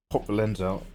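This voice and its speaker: A man's voice: lowish voice, dark tone, slight background noise. A young man hosting a drawing livestream, chatting casually and rambling between jokes. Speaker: livestream artist host.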